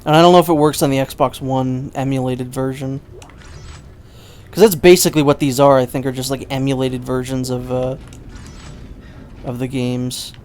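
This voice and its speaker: Brief: a casual let's-play host, rambling and self-mocking, with a middle-pitched voice and faint music behind. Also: male voice, fairly even intonation, moderate pace, pauses often, darkish tone. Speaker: gameplay commentator.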